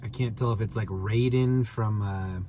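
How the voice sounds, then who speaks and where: A man's voice: on the low side, fairly even intonation, normal speed, noisy background. A man casually chatting on a live stream, joking, rambling, and greeting viewers by name.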